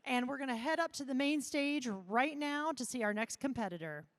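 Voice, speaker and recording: A woman's voice: high-pitched, a little fast. A woman hosting a live event desk, interviewing a contestant in an upbeat, chatty way.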